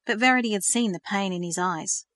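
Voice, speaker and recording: A woman narrating a novel in an expressive storytelling manner. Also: mid-range voice, a little fast, no echo, studio quality. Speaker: audiobook narrator. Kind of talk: scripted narration.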